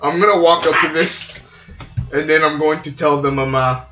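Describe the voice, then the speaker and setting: A man with a fairly high, bright voice talks through his moves in a casual tabletop game, often restarting mid-sentence. The room is echoey and the sound a little dull, with faint music underneath. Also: fairly even intonation, normal speed, slight background noise. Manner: rambling, restarts, declaring actions. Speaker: player.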